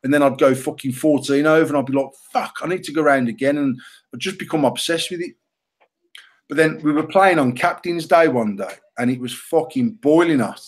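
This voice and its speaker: Middle-aged British bloke, podcast co-host, slightly high voice, sweary and animated storyteller. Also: male voice, normal speed. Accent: British English. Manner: heavy swearing, animated and self-mocking. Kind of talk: casual storytelling chat.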